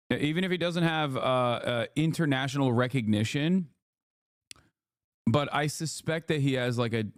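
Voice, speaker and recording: A man's voice: medium pitch, clear, resonant tone, no room sound, clean studio sound. A man hosting a livestream, lecturing his chat in rambling, profane casual commentary. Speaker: livestream host.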